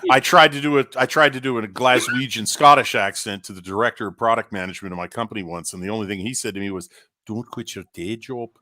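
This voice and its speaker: A man's voice: fairly low pitch, fast, few pauses, noisy background. A man talking in a casual chat as a podcast co-host, telling stories in a rambling way with many restarts.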